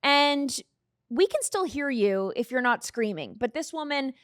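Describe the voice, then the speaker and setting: Brief: woman host, opinionated live-stream talk, slightly high voice, dry close sound. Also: expressive, measured pace, dry recording. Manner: opinionated, conversational, reads out comments.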